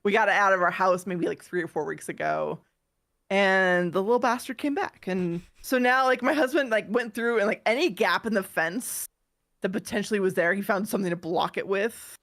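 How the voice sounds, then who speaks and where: A woman in her thirties co-hosts a podcast while nursing a cold. She rambles through her stories in easygoing chat and laughs at her own mishaps. Her pitch sits in the middle range. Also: moderate pace, fairly bright tone. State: has a cold. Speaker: podcast co-host. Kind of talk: casual chat.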